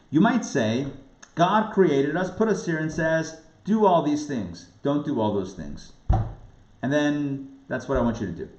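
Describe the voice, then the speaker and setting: A man, a rabbi, giving a lively lecture, asking rhetorical questions and acting out quoted voices. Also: a little high. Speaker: rabbi teaching a class. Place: recorded live class. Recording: roomy, dull lo-fi sound.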